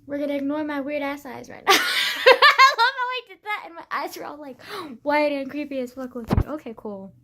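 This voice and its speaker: A young woman vlogging to her camera, rambling excitedly, laughing often and swearing a lot. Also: sits high, normal speed, few pauses, heavy background noise. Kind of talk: casual rambling vlog.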